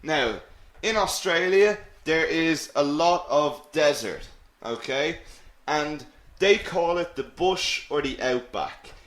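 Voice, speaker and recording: A man teaching an English lesson with a lively, swooping delivery that keeps checking in with the class. He takes his time over each word, with self-mocking asides. His voice sits a little high and rings in an echoey room. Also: slow. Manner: lively, animated explaining with many "okay?" checks. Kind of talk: live online English lesson.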